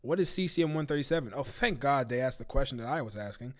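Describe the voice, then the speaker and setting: A man's voice: medium pitch, lively intonation, fast talker. A man hosting a live-stream talk show, ranting casually with profanity and disbelief. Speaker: livestream talk show host.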